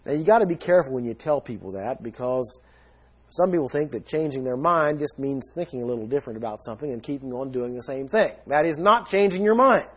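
Husky-voiced man preaching a sermon. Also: mid-range voice, fast talker. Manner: earnest teaching tone, emphatic stresses.

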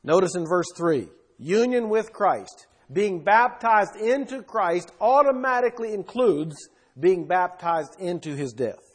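A man preaching a sermon with emphasis, swinging between loud bursts and quiet asides. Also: sits high, animated, measured pace, breathy edge.

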